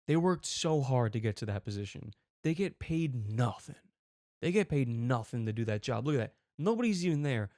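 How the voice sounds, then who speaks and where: Excitable man riffing on a clip. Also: medium pitch, normal speed, dry recording, studio quality. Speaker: comedy commentary host. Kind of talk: comic video reaction commentary.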